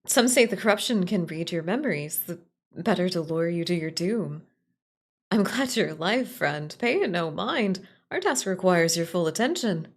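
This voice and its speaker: A woman's voice: lowish voice, animated, moderate pace. A woman reading aloud as a female royal scholar who confides a plot to a friend, speaking fondly and wistfully. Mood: reassuring.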